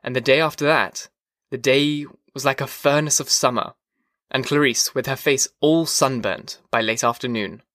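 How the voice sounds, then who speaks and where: A man's medium-pitched voice carries a measured, even audiobook narration. The sound is dry and of studio quality.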